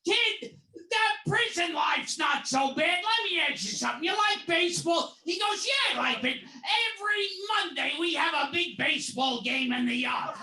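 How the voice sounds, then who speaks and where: A shrill, ranting old insult comic. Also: male voice, lively intonation, moderate pace, full character voice. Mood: shouting raunchy. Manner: shouting raunchy jokes, cackling. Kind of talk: comedic impression for a tribute. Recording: roomy, distant mic with loud crowd and noise.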